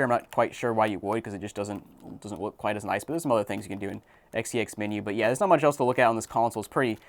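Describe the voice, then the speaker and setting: A man giving casual, excitable commentary as he unboxes and tests game consoles. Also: mid-range voice, no room sound. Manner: excitable, quick reactions and exclamations. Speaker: tech YouTuber reviewing consoles.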